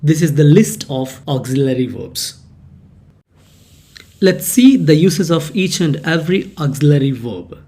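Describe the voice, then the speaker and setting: Teacher, grammar lesson, slow and deliberate, animated pitch, repeats stressed examples. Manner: reads example sentences aloud with stress and repetition. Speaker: English teacher.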